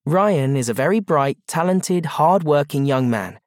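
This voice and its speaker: A male audiobook reader voicing a warm, doting middle-aged mother who fusses over her son and speaks of him proudly. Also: a little high, lively intonation, a little slow, no room sound, studio quality, pitched above the performer's own voice. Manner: fond, fussing and proud. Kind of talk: audiobook character voice.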